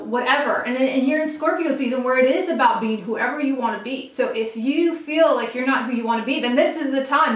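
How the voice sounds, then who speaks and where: Sitting far from the mic, a tarot reader with a fairly high voice addresses her viewers directly in a casual reading. Her delivery is earnest and emphatic, and the room adds an echo to the slightly off-mic sound.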